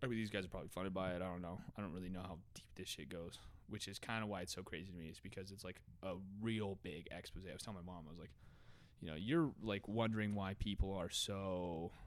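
A young man in casual podcast chat, animated and swearing freely, his voice jumping up when he gets worked up. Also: sits low, quick pace. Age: young adult.

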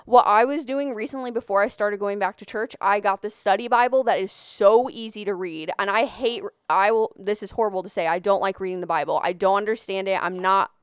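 A woman's voice: mid-range voice, a little fast, hardly any pauses, clear, resonant tone, dry recording, clean studio sound. A woman in her twenties co-hosting a faith podcast, talking earnestly and encouragingly. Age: 20s. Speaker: podcast co-host. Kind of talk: casual chat.

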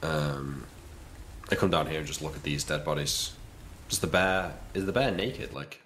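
A man's voice: a bass voice, moderate pace, fairly bright tone, a little hiss or hum. A man joking playfully as a player in a tabletop game. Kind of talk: casual tabletop game chat.

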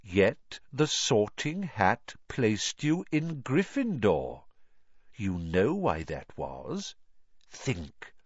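A man voicing a wise, gentle old male headmaster who speaks softly and calmly, on a dull lo-fi recording. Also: lowish voice, slightly rough, no echo, full character voice. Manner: soft, calm, measured.

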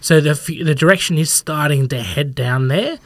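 A man's voice: on the high side, normal speed, fairly bright tone, no room sound. A man talking as a podcast guest, rambling casually and acting out what people think in little quoted asides. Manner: rambling, acts out imagined people's thoughts in quotes. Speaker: podcast guest, fitness professional. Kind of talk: casual conversational interview.

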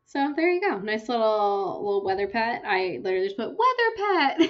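A young woman co-hosting a casual book podcast, retelling chapters in a chatty, lively way with lots of fillers. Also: a little high, a little fast, dull audio. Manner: chatty, animated storytelling with fillers. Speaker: podcast co-host.

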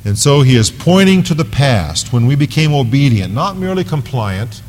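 A man's voice: medium pitch, very animated, normal speed, darkish tone, slight background noise. A male pastor preaching an earnest, emphatic expository sermon in a church. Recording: long reverb of a large hall.

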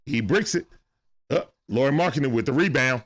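A man's voice: mid-range voice, brisk. A man giving casual play-by-play of a basketball game on a live stream, greeting viewers in chat and talking aside to his son. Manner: animated, greets chat viewers between plays.

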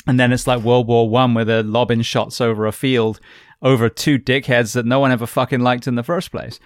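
A man's voice: mid-range voice, level tone, a little fast, dry recording, clean studio sound. A man hosting a podcast, asking blunt, profane questions that come out as rants. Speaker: podcast host. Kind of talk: casual interview.

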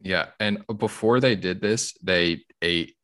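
A man co-hosting a casual podcast chat, teasing the others in slow, laid-back banter. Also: low voice, fairly bright tone. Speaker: podcast co-host.

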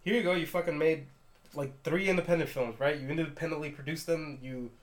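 Man, slightly high voice, quick, opinionated, swearing. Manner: opinionated, profane. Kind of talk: casual chat.

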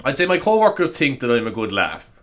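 A man's voice: medium pitch, very animated, fast talker, a bit bright. A young man hosting a solo comedy podcast, rambling and swearing with self-mocking humor. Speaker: podcast host.

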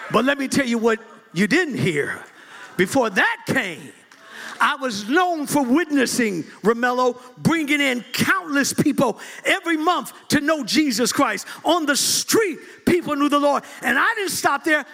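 A man preaching a lively storytelling sermon to a congregation in a church, swinging from low asides to loud high shouts and laughing often. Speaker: bishop, preacher. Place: church service before a congregation.

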